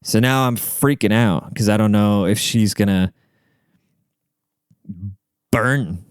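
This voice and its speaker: A man's voice: fairly low pitch, slow, clean tone, no echo, clean studio sound. A young man hosting a podcast, telling stories in a rambling, profane, conversational way. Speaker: podcast host. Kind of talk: casual storytelling monologue.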